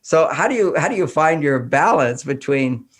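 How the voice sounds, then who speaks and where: Animated man from Texas, podcast guest. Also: a little high, normal speed. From Houston, Texas. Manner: animated, acts out dialogues. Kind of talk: conversational interview.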